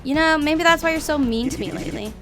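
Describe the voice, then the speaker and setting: A woman's voice: high voice, quick pace, over music, voice pushed up. A woman voicing a bullied young woman who accuses a friend of cruelty. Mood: hurt. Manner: plaintive, accusing.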